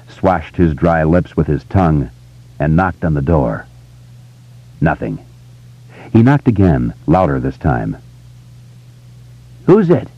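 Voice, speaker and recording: A man narrating an audiobook in a measured, tense storytelling manner. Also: deep voice, husky, dry recording, dull audio. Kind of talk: scripted narration.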